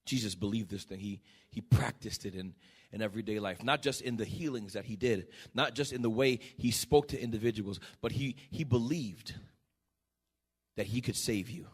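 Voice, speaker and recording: A male pastor preaching a sermon in a church, building to shouted peaks and dropping to quiet, low passages. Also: normal speed, breathy edge. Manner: shouting, rising to emphatic peaks.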